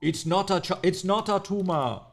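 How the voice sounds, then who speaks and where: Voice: mid-range voice, moderate pace, vocal fry, over music, pitched above the performer's own voice, natural voice. A streamer attempting a famous action-star impression, breaking into laughter and drifting toward a British accent. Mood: goofy. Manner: laughing through the lines.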